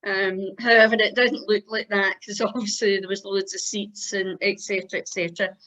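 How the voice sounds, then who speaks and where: A woman's voice: medium pitch, level tone, fairly quick, fairly bright tone. A woman chatting casually through a report on a video call, with frequent ums. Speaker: Rotary club member giving a convention report. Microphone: video call microphone. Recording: dull video call audio.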